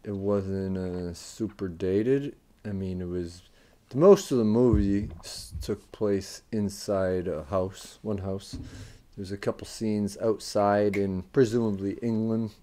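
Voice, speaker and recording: A man's voice: on the low side, steady tone, takes it slowly, dark tone. A man co-hosting a casual movie-recap podcast, bantering in a dry, joking, slightly defensive way. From United States. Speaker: podcast co-host. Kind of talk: casual chat.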